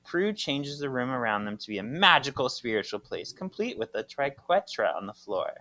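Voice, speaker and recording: A man's voice: mid-range voice, big pitch swings, moderate pace, pushed and bright. A man co-hosting a casual podcast, reading out chapter summaries with dry asides and laughs. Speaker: podcast co-host.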